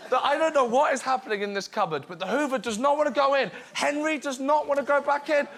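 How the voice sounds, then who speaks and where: A man in his thirties, a comedian guest on a talk show, telling stories in an animated way and shouting out bits. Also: very high-pitched, quick pace, heavy background noise. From England. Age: 30s. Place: TV studio with live audience. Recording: studio with loud audience laughter.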